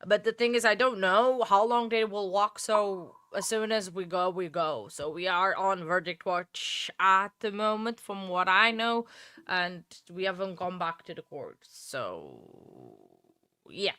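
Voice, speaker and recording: A woman's voice: medium pitch, animated, a little slow, bright, forceful tone, clear, resonant tone, no echo, studio quality. A woman hosting a live stream, talking casually and thinking aloud with many fillers and restarts. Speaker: livestream host.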